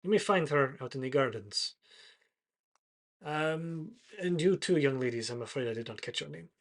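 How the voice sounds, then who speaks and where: A man voicing a stately male high priest who speaks in a formal, courteous, measured way. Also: animated.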